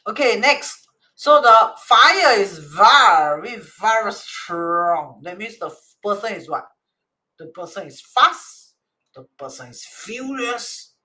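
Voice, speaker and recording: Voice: mid-range voice, very animated, slow pace, sharp tone. A teacher with a Singaporean English accent, explaining a divination chart reading, acting out quoted dialogue, slipping in Chinese and Hokkien words, and often checking in with "right?".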